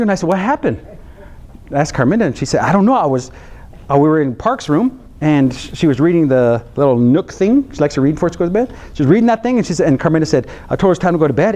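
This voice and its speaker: A middle-aged man, a psychologist, telling a story in a talk to counselors and acting out his daughter's reactions. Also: fairly high pitch. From United States. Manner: animated, acts out his daughter's reactions with laughs and gasps.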